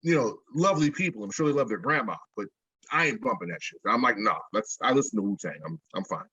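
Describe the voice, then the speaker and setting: A man's voice: lowish voice, animated, fast, bright, forceful tone, breathy edge, dry recording. A rapper being interviewed, telling a long story in a loose, jokey, profane way, stumbling and restarting as he goes. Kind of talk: casual storytelling. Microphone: video call. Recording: dull lo-fi video call audio.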